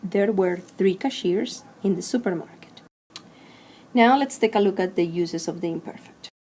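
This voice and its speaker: A woman teaching a recorded Spanish grammar lesson, slowly and clearly drilling verb conjugations one form at a time. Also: mid-range voice, a little mellow.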